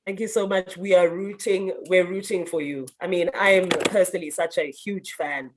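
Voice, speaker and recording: A woman's voice: fairly low pitch, fairly even intonation, moderate pace, background noise. A woman hosting an online Q&A, out of breath and bubbly, laughing between questions. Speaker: moderator of an online youth talk. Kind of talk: lively hosted Q&A.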